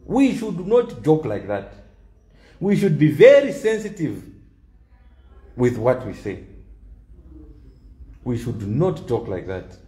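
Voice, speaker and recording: A Zambian political commentator delivers an opinion monologue, emphatic and repeating key lines for stress. His mid-range voice is mellow, and the sound is roomy.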